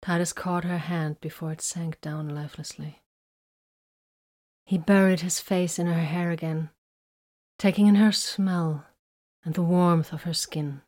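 A woman reads a romantic story aloud in an intimate, hushed voice, often slipping into a whisper. Her pitch sits a touch low and her reading is unhurried. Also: steady tone. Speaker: narrator.

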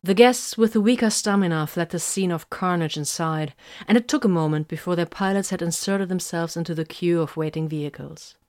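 A woman narrating an audiobook in a steady, even storytelling manner. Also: on the low side, fairly quick, few pauses.

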